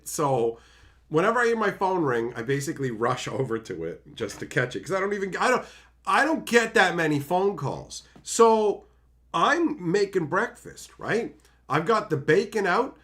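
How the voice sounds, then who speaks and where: A man casually telling a long personal anecdote, animated, swearing freely and acting out his own panicked yelling. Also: fairly high pitch. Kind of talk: casual storytelling.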